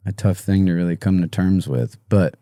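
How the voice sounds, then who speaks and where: A man guest on a podcast interview, talking haltingly with many fillers and restarts, emotional and choked up. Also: low-pitched, dark tone, dry recording, clean studio sound. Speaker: musician guest.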